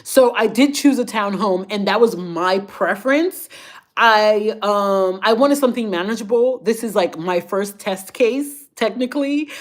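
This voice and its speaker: A middle-aged woman hosting a chatty live Q&A, reading out viewer comments with lots of laughter and animated swings between high squeals and low asides. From daughter of immigrant parents, living in the Baltimore area. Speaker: lifestyle and fashion creator.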